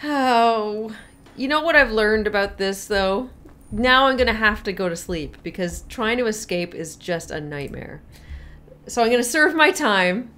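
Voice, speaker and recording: A woman's voice: medium pitch, lively intonation, unhurried, a bit bright. A woman streaming a video game, playful and exclamatory, laughing and reacting as she plays. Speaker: gaming streamer. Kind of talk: live game commentary.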